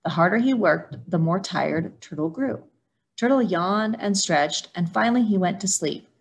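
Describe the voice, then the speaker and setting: A woman reading a children's picture book aloud for storytime, in a steady storytelling manner. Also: on the low side, normal speed, vocal fry. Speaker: storytime reader.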